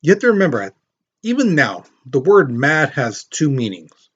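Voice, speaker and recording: This casual history class is led by a man whose fairly high voice has a sing-song lilt and a slight roughness. He speaks at a moderate pace, dramatizes quotes, tells stories, and questions students, all on lo-fi audio.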